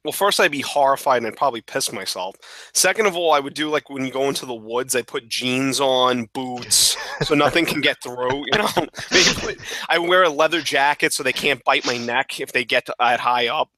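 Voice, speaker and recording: A man's voice: medium pitch, moderate pace. A man co-hosting a podcast, joking and swearing in casual banter. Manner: laughing, profane, animated. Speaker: podcast co-host.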